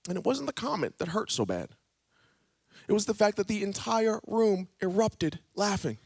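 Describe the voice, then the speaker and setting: A man telling a personal testimony in church, a dramatic storyteller who swings between hushed tones and shouting. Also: high-pitched, big pitch swings, normal speed, vocal fry, dry recording, studio quality. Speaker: guest speaker.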